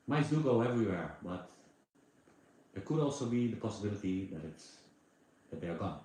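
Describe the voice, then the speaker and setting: A livestream host chats loosely into a phone with an attached microphone, using many fillers and answering viewer comments. His voice is fairly low, expressive, brisk, and dark in tone, and the very echoey room carries faint background noise.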